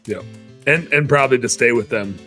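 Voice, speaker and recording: A man's voice: mid-range voice, a little fast, sharp tone, soft background music. A man co-hosting a podcast, opening the show and chiming in with short, upbeat remarks. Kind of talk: show intro and casual chat.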